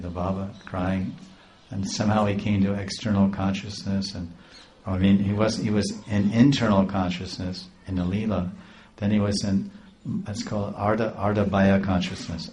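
A man's voice: deep voice, a little mellow, slight background noise. A man telling a devotional story in a rambling, repeating way. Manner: rambling, with many restarts.

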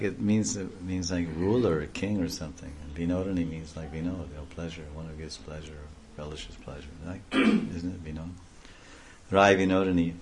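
A man giving a devotional reading aloud, breaking off into offhand comments and explanations. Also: deep voice. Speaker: reader and speaker.

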